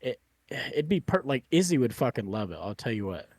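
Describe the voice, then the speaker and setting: A man's voice: mid-range voice, sing-song, a little fast, a little mellow, dry recording. Laid-back swearing podcast guy. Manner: rambling, swears freely, many fillers. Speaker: podcast host. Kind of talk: casual podcast chat.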